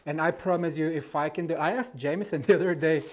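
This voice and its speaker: A male decor host gushes effusively over his materials during a casual how-to demonstration at home beside a Christmas tree. His fairly high-pitched voice moves fast, and he is chatty and encouraging throughout.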